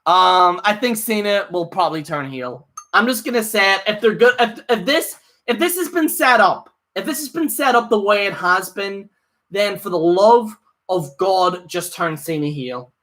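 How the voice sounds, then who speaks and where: A man's voice: high voice, expressive, normal speed, fairly bright tone. A man giving a casual, opinionated live review, rambling with lots of fillers and restarts. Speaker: wrestling show reviewer.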